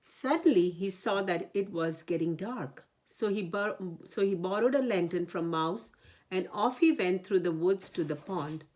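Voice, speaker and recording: Slow, low-voiced woman reading a storybook. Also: a little mellow. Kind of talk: reading a children's picture book aloud.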